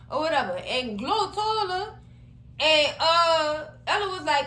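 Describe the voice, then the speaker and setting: A woman recapping a TV episode in a sassy, animated way, addressing her viewers as cousins. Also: high voice, normal speed, reverberant, rough recording. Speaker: show recap host. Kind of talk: casual recap commentary.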